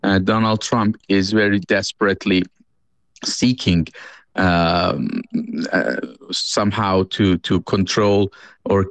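Man, Iranian accent, middle-aged, lowish pitch, dry close sound, halting speech with fillers. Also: little pitch movement, no room sound. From Iran. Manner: halting, with many fillers and repeated words. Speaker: interview guest, professor and former official. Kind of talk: news interview answers.

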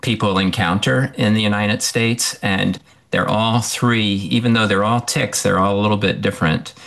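A man, a professor, answering radio interview questions in a hesitant, halting way with many ums. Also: lowish voice, fairly even intonation, creaky, fairly bright tone. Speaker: professor and tick researcher.

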